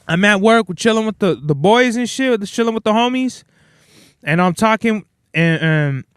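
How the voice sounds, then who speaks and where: A young man hosting a podcast, telling stories in a blunt, profane, animated rant. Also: sits high, unhurried, pauses often, clear, resonant tone, no room sound, clean studio sound. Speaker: podcast host. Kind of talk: casual ranting monologue.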